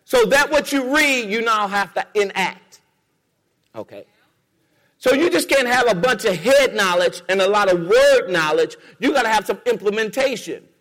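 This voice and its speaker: The voice is a man's, high and a bit bright, echoing as if in a large hall. He preaches in a church sanctuary with a rhythmic, repetitive cadence, calling for the congregation's response.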